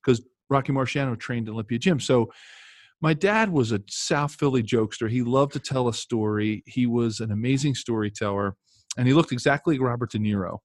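In studio-quality audio without echo, a man in his fifties who used to play pro football spins casual stories. His medium-pitched voice moves briskly, though he rambles and keeps restarting amid lots of fillers.

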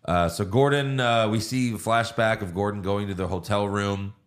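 A man with a low voice casually walking through a movie plot on a podcast. He talks loosely, full of "uh" and "like", now and then swearing. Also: moderate pace. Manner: recounts plot with fillers and acted quotes. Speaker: podcast co-host. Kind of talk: casual film recap.

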